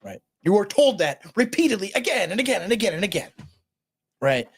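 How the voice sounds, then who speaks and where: Lively higher-voiced man chatting. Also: a little fast, slightly rough. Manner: animated, keeps asking "right?". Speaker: podcast host. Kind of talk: casual political chat.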